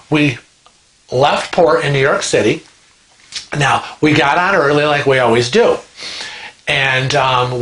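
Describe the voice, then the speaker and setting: A man hosting a vlog, telling a story in a chatty, animated way and acting out the people in it. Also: a little high. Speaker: vlog host. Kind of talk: casual storytelling. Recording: roomy echo.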